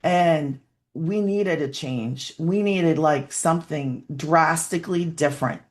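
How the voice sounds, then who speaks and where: A woman's voice: low voice, slow pace, darkish tone. A woman giving a rambling, heartfelt personal testimonial as a webinar guest over a video call, sometimes close to tears.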